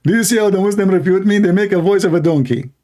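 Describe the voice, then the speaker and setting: A man hosting a call-in livestream, talking casually, mocking and laughing at callers and repeating words in quick bursts. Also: high voice, dark tone. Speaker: livestream host taking calls.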